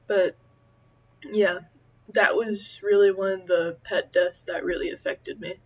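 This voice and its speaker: A young woman chatting casually as she eats, rambling and halting with many fillers. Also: medium pitch, steady tone, highs cut off. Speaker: vlogger. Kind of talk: casual chat while eating.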